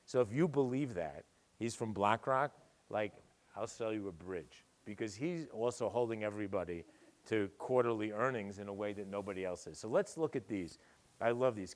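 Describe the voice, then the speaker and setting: Older male keynote speaker, mid pitch, sardonic and punchy. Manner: punchy, sardonic, lively delivery. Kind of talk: conference keynote. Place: dinner event hall.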